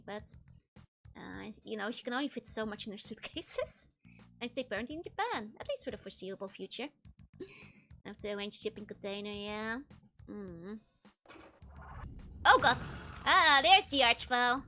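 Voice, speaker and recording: A young Dutch woman streams as a VTuber, chatting casually while gaming in an animated, slightly bright mid-range voice at a moderate pace. She giggles and laughs often and tends to ramble, and there's a little hiss or hum in the audio.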